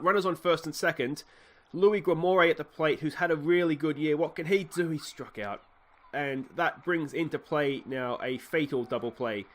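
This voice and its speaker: A young Australian man giving rambling commentary on his baseball game, getting excited on big plays. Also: medium pitch. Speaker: let's play host.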